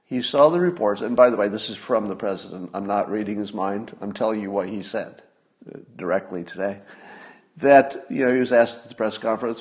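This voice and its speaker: A man's voice: lowish voice, fairly quick, darkish tone. A man hosting a solo podcast, talking casually in a wry manner, with asides and restarts. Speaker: podcast host.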